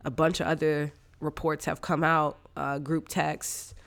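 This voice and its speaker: A man's voice: on the high side, flat delivery, a little slow, creaky, fairly bright tone. A congested man hosting a sports podcast in loose, casual chat with lots of fillers. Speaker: podcast host.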